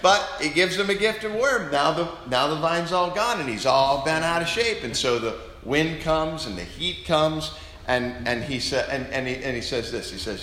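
A male pastor preaching an animated, joking sermon to his congregation in a church. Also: a little high, moderate pace, a little hiss or hum. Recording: echoey room.

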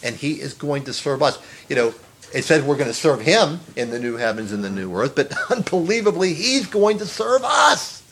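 A man's voice: medium pitch, fairly quick, fairly bright tone, slight background noise. A man preaching an earnest sermon, stressing phrases, repeating words and rising to exclamations. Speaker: pastor.

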